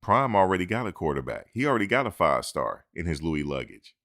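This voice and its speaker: Speaking quickly in a very low voice, a man delivers opinionated sports talk into a close microphone. Emphatic and animated, he drives his points home by repeating them and lectures his audience like a fired-up commentator.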